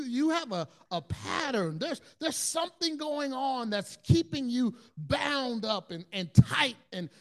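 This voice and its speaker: Male pastor, high-pitched voice, stammering sermon delivery with big swings in loudness. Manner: stammering restarts, swings from loud pleading to soft hush.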